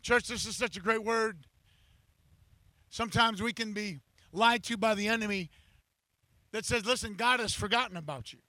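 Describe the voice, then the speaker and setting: A man preaching with a bright, forceful edge, voicing the psalms as if they were his own cry and climbing into passionate shouts. The sound is dry and close, with no room around it. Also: high voice, normal speed, pauses often, dry recording, poor audio. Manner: impassioned preaching, acting out scripture in first person, building to shouts. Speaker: pastor. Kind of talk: sermon. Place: church.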